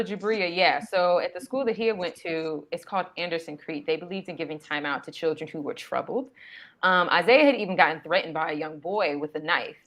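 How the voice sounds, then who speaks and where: A woman's voice: sits low, fairly bright tone. A middle-aged mother in casual chat, telling a story in a blunt, emphatic way. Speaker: mother and co-host.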